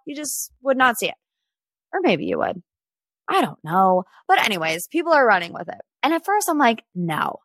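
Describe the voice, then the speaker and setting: A woman's voice: on the high side, a bit bright, no echo. A woman in her twenties hosting a pop culture podcast, chatty and opinionated as she talks through celebrity news. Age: 20s. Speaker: podcast host. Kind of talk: casual pop culture chat.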